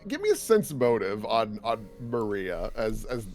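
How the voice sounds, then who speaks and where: A man's voice: fairly low pitch, very animated, measured pace, a little mellow, soft background music. A man narrating a tabletop game as game master, in a casual, rambling way, full of fillers and laughter.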